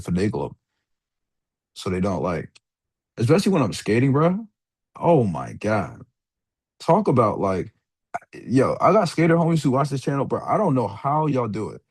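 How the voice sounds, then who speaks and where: A man's voice: on the low side, darkish tone, husky. A young man giving a casual, rambling trading lesson over a screen share, full of slang and swearing. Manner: laid-back slangy rambling, swears freely, calls listener dog and bro. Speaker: trading mentor.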